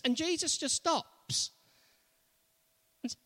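A man's voice: sits high, very animated, unhurried, long pauses, a bit bright. A man preaching a sermon, retelling a story with emphatic repetition. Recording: long reverb of a large hall.

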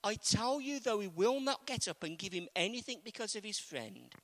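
A man's voice: high-pitched, big pitch swings, normal speed, fairly bright tone. Preacher talking easy with the congregation, lots of ups and downs in his voice. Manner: conversational, asks the congregation questions, acts out quotes. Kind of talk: sermon.

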